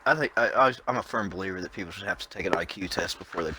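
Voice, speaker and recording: A man's voice: deep voice, very fast, background noise. A man in casual chat, cutting in with blunt, crude remarks.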